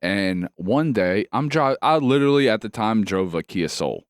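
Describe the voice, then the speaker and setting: Deep, smooth-voiced man telling stories. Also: normal speed, no room sound, clean studio sound. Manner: profane, animated storytelling. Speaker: podcast co-host. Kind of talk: casual chat.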